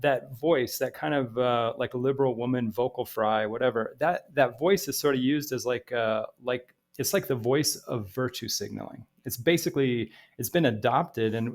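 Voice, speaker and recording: A man giving a rambling commentary, halting and repetitive, full of restarts and fillers. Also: medium pitch.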